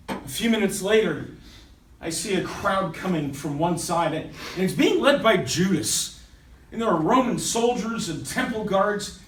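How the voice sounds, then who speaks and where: A man performing a first-person dramatic monologue, swinging between loud urgency and hushed intensity. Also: high-pitched, expressive, unhurried, pauses often. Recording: echoey room, voice from a distance.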